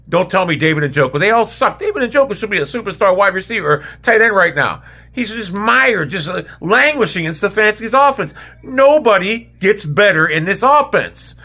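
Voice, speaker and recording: A man's voice: high voice, sharp tone. A man ranting angrily as a football fan, heated and profane, repeating himself as he vents. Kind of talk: angry sports rant.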